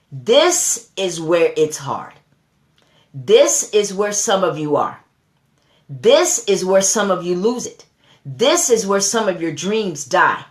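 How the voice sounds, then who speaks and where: A motivational speaker, a woman with a low-ish voice in reverberant sound, gives a motivational sermon. Preachy and repetitive in a call-and-response style, she repeats phrases and rises to fervent emphasis.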